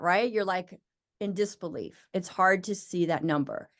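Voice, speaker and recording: A woman who owns a business, talking as an interview guest and acting out her own excited thoughts as she tells her story. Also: mid-range voice, a little slow. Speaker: interview guest, med spa owner. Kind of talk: casual interview conversation.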